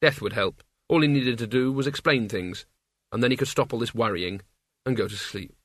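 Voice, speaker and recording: A man reads a story aloud in an even, measured voice of middle pitch. His delivery is steady and controlled. The recording is dry and close. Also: dry recording. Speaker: audiobook narrator. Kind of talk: scripted narration.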